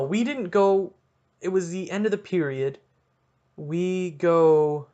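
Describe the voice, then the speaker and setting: A man's voice: medium pitch, vocal fry. A young Canadian man hosting a podcast, telling a story casually, mocking himself and acting out quotes dramatically. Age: young adult. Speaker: podcast host.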